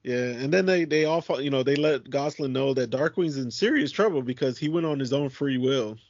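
A man's voice: mid-range voice, fairly quick, no room sound. A man co-hosting a cartoon podcast, laid-back and agreeable, adding plot details. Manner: laid-back, lots of yeahs and laughs. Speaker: podcast co-host. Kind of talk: casual chat. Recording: dry, dull lo-fi sound.

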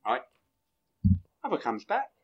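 A man in casual chat, rambling excitedly through a film plot with bursts of laughter. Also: medium pitch, unhurried, breathy edge, lo-fi sound. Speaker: film reviewer guest.

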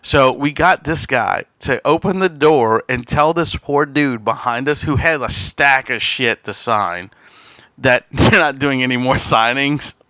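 Bright-voiced man telling a rambling story. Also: medium pitch, a little slow, no echo. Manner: rambling anecdote with laughs and quoted asides. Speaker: podcast host. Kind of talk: casual storytelling chat.

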